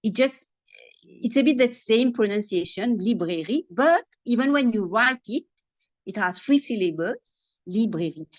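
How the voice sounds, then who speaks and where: A woman's voice: a little high, expressive, normal speed, dry recording. A woman teacher with a Mauritian accent, explaining thoughtfully in an interview with many restarts. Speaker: English teacher. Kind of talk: video call interview answer. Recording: dry, muffled video call audio.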